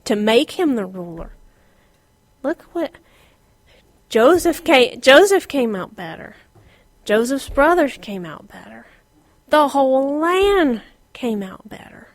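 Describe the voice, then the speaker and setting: A middle-aged woman teaching an informal Bible lesson, animated, laughing often and dropping to a whisper for emphasis. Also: high-pitched, no echo, studio quality.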